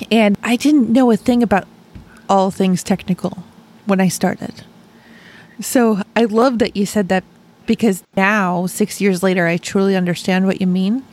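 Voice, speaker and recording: A woman's voice: mid-range voice, darkish tone. A woman hosting a podcast, welcoming her guest in an upbeat, enthusiastic way. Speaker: podcast host. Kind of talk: podcast intro and interview hosting.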